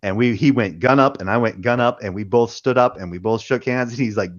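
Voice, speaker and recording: A man's voice: medium pitch, fast talker, few pauses, muffled recording. A man, a military veteran, telling rambling stories in casual chat and swearing freely. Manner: rambling storytelling with profanity. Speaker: veteran panelist.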